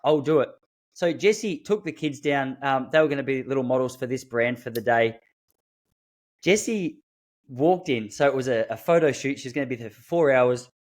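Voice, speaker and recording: A man's voice: mid-range voice, normal speed. A man hosting a podcast, telling stories animatedly in casual chat and acting out what people said. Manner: animated storytelling with quoted voices and laughs. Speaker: podcast host.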